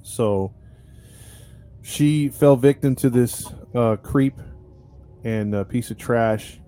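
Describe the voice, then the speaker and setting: A man's voice: mid-range voice, slow pace, mellow, soft background music. A man, a podcast host, telling a true-crime story in a casual, chatty way, with lots of fillers and restarts. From United States.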